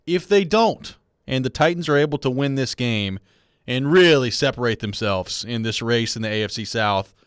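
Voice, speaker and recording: A man hosting a sports radio show, laying out long, earnest questions about the week's game. His voice sits at a middle pitch, recorded close in a dry studio. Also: animated, normal speed, clean tone, no room sound. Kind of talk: radio talk and live read promo.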